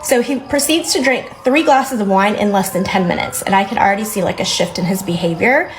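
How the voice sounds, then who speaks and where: A woman's voice: mid-range voice, brisk, slight background noise, rough recording. Young woman rambling through a story. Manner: chatty, rambling retelling. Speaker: storyteller recounting a date. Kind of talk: casual story to camera.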